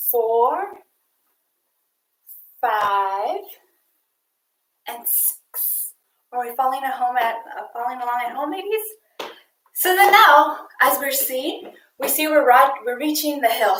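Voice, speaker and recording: A young woman coach leading girls through an online exercise game, counting reps out loud in an upbeat way. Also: high-pitched, echoey room, poor audio. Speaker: youth sports coach.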